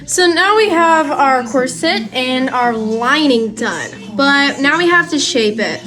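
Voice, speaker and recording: A woman's voice: high voice, animated, slow pace, sharp tone. A young woman talking to camera in an upbeat, breezy way as she explains her sewing steps. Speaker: costume sewing vlogger. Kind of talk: on-camera tutorial talk.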